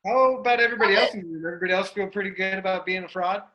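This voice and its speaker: A man's voice: sits high, very fast, dull audio. A man facilitating a live workshop class in a room, loose and playful, breaking into whoops. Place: room with an audience.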